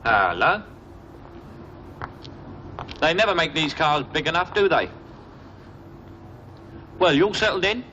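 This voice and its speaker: Cocky bloke, offhand, tense bright tone. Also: male voice, fairly high pitch, big pitch swings, slow, long pauses, lo-fi sound, slight background noise, full character voice. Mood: brash.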